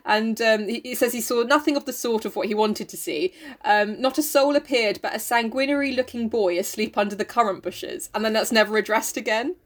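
A young woman co-hosting a casual podcast, animated and sweary, giggling as she reads a novel aloud and comments on it. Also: fairly high pitch, brisk. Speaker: podcast co-host.

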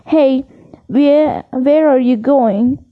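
A blurting, flustered groundskeeper from a storybook, read by a woman with a high voice. The recording sounds dull and lo-fi. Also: extremely slow. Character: big gruff male groundskeeper, blurting.

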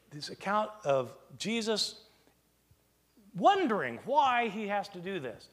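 A man giving a lecture in an animated way, posing rhetorical questions and acting out imagined back-and-forth exchanges. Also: sits high. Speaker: lecturer on early Christian texts. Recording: long hall reverb.

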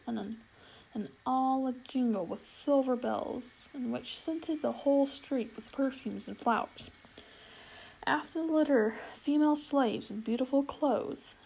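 Woman reading a storybook aloud, husky. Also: high voice, dark tone, rough recording. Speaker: audiobook reader. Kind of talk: storybook narration.

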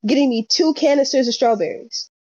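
Young woman, casual storyteller, mellow tone, slightly higher pitch, dull lo-fi sound. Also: a little fast, no echo. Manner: animated storyteller, acts out quotes. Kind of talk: casual chat.

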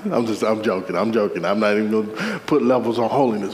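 A man preaching a sermon with a playful, animated delivery, full of laughing asides and calls to the congregation. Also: on the low side, fast, hardly any pauses. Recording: echoey hall.

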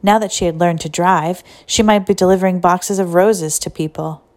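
A woman narrating a story in a steady, even reading voice. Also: lowish voice, moderate pace. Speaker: audiobook narrator.

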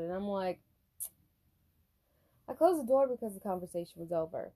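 A woman's voice: medium pitch, animated, a little fast, long pauses, warm tone. A woman hosting a podcast, telling a workplace story as an exasperated rant full of swearing. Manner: profane, exasperated, heavy swearing. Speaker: podcast host.

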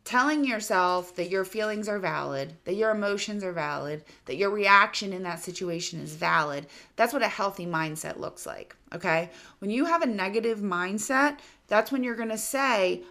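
A woman's voice: mid-range voice, expressive, moderate pace, few pauses, bright, forceful tone. A woman, about in her thirties, giving casual self-help advice straight to the listener, frank and swearing now and then. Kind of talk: direct-to-camera advice talk.

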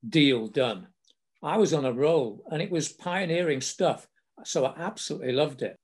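A man's voice: fairly high pitch, moderate pace, a little mellow, slightly rough. An older man with a southern English accent, telling stories from his working life in a chatty, anecdotal way with small laughs. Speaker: storyteller recalling his career. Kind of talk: casual spoken memoir.

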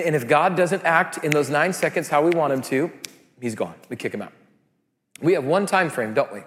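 A man in his thirties, a pastor giving a sermon, telling stories in an animated way with loud excited peaks. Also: medium pitch, in a large hall.

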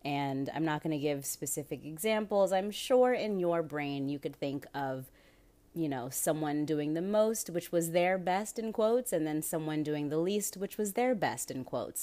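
A young woman with a low voice hosts a solo podcast. She talks slowly and casually, swears freely and laughs often between thoughts. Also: expressive, mellow. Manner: profane, laughing, candid. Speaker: podcast host.

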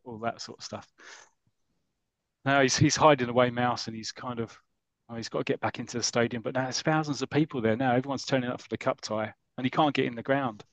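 A man's voice: medium pitch, fairly even intonation, quick pace, dry recording, lo-fi sound. A man hosting a podcast, enthusiastically rambling through an old comic story. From United Kingdom. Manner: enthusiastic, rambling, acts out characters' lines. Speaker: podcast host. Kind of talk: casual chat, retelling a comic story.

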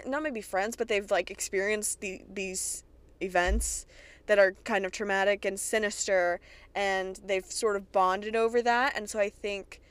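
A young woman from Kentucky hosting a podcast, recapping a TV episode in an excitable, chatty way with plenty of swearing. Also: mid-range voice, smooth, no echo. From Kentucky, USA. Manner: chatty, profane, excitable retelling. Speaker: podcast host.

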